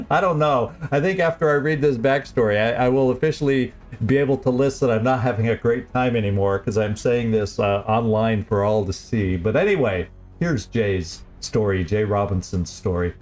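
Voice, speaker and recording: A man's voice: medium pitch, normal speed, darkish tone, faint music behind. A man streaming a strategy game and chatting casually, laughing often and poking fun at himself. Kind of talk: casual let's-play commentary.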